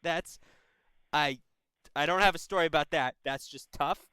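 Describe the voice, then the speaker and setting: Bright, crisp-voiced young man giving blunt advice. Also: a little high, normal speed, dry recording, low-quality recording. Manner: blunt, profane, brotherly advice. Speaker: advice show host. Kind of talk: casual advice chat.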